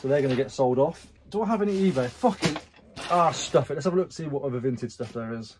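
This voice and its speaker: A young British man, a reseller vlogger, chats casually and animatedly about his resale sales, reading buyer messages aloud and swearing now and then. His mid-range voice moves fast over a noisy background.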